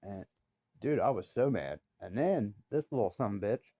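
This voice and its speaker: A man's voice: fairly low pitch, lively intonation, normal speed, dark tone, no echo. A man telling a work story in a blunt, heated, profane way. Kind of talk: casual storytelling.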